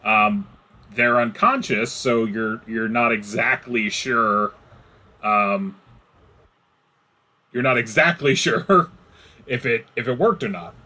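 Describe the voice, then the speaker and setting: A man narrating a tabletop game as game master, chatty and relaxed, with lots of fillers. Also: medium pitch, slow, long pauses, poor audio.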